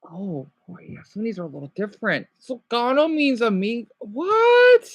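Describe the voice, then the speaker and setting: Woman streamer, animated and excitable, chatting to viewers; dull, dry home recording. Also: fairly high pitch, moderate pace, dry recording. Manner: excitable, exclaims at surprises; reads out practice words while chatting to viewers. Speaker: livestreamer. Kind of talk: casual livestream chat. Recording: dull lo-fi sound.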